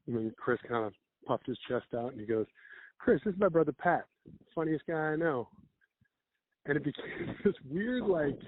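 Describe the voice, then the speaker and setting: A man's voice: medium pitch, dry recording. A man, a comedian guest, telling rambling stories in a casual chat with laughs and acted-out quotes. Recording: phone-like narrow band.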